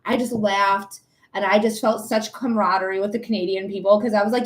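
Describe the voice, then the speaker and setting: High-voiced chatty woman psychic. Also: animated, brisk. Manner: chatty, swears freely, laughs often. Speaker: psychic reader on a live stream. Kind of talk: casual live-stream chat.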